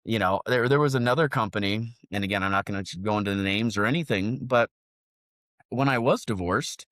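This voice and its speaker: A man's voice: lowish voice, fairly quick, no echo, clean studio sound. A man in his forties co-hosting a podcast, telling rambling, profane stories in casual chat. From United States. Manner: profane, rambling, animated storytelling. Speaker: podcast co-host.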